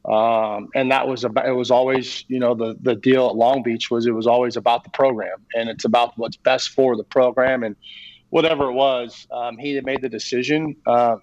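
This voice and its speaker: A middle-aged man talks through his story as an interview guest, halting and full of restarts. His voice sits at an ordinary pitch, and the recording sounds a bit dull and lo-fi. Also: fairly even intonation, darkish tone. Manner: halting, many fillers and restarts. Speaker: guest, baseball coach.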